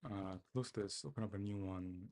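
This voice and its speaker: A deep, slightly mellow voice belongs to a developer streaming his coding at a moderate pace with a steady tone. Talking to himself, he mutters and repeats phrases in self-mockery as casual live commentary.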